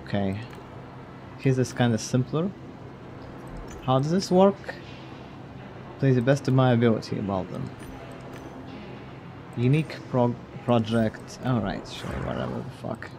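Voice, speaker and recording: A man's voice: mid-range voice, expressive, unhurried, long pauses, noisy background. Wry, blunt male game streamer. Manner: wry, blunt, swears casually, chuckles at the game. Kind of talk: casual let's-play commentary.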